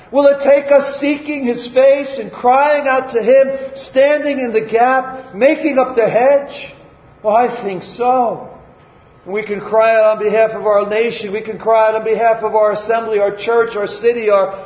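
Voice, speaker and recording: A man preaching a sermon, dramatic, acting out cries and prayers. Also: very high voice. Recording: echoey hall, dull lo-fi sound.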